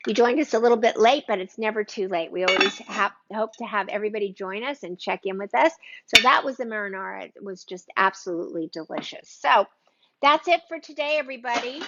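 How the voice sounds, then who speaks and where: A woman's voice: mid-range voice, a little fast, lo-fi sound, noisy background. A woman hosting a live cooking stream from her home kitchen, chatting with viewers by name in an exclamatory way. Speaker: cooking show host.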